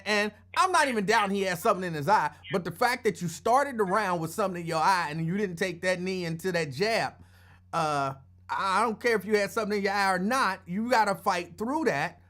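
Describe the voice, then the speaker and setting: Guy hosting a sports chat, kinda high voice, calm and measured, talks it through step by step. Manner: measured, explains his view step by step. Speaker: host. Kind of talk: casual sports talk.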